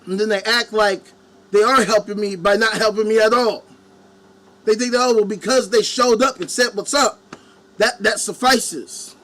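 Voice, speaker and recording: High-voiced man in a profane angry rant. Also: fairly even intonation, moderate pace, a bit bright. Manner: angry, heavy swearing, mocking quoted voices. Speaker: live-stream commentary host. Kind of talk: profane ranting monologue. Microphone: webcam.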